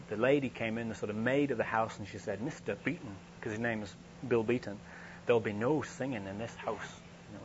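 A man preaching a sermon in a conversational, storytelling way, with frequent restarts. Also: medium pitch. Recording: dull, slightly noisy lo-fi recording with hum.

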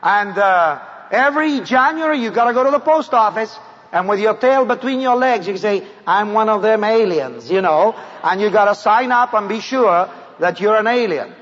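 A high-pitched man with a South American accent preaches to a packed hall, his voice trailing off into a long echo. He moves between emphatic raised declarations and soft, hushed lines. The recording sounds dull and muffled. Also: animated, normal speed. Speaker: evangelist preacher. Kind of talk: sermon to a large crowd. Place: large hall before a crowd.

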